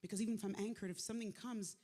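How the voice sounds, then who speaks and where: A woman giving a live motivational faith talk, conversational and lively, with slangy asides to the crowd. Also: mid-range voice, very fast. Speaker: speaker at a faith event. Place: large venue, live event. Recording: echoey hall with long reverb.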